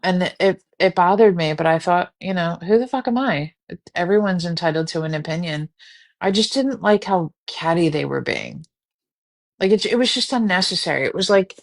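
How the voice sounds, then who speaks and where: A woman hosts a live stream in a lowish, gravelly voice. She rambles on tangents in casual chat, candid and quick to swear. A sleepy, yawning edge runs through her talk. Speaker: livestream host.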